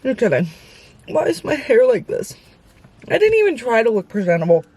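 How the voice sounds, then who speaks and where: A woman's voice: a little high, sing-song, fairly quick, dark tone, slightly rough. A young woman in her late teens vlogging from inside her car, rambling candidly as she vents to her viewers. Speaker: Christian influencer vlogger. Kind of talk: casual confessional vlog. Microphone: on-camera mic.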